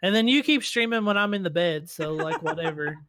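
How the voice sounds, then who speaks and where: A man with a Southern accent hosting a casual chat and telling lively stories. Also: high-pitched, fairly quick, no room sound, studio quality. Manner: animated storyteller, swearing freely. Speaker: podcast host.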